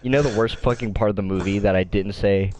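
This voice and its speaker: A man co-hosts a casual podcast and tears into a subject in a loud, profane rant. His storytelling is animated and full of swearing. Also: on the low side, fast, a little hiss or hum. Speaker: podcast co-host.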